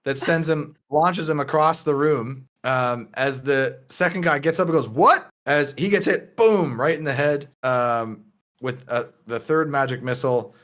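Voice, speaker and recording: A man's voice: mid-range voice, normal speed, a bit bright. A patient male game master. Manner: patient, explanatory, breaks into voices. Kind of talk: narrating a tabletop game.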